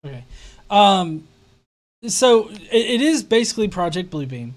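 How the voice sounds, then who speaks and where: A woman's voice: mid-range voice, big pitch swings, measured pace. A woman hosting a live reaction show, commenting in a sarcastic, incredulous way with swearing. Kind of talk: mocking live-stream commentary.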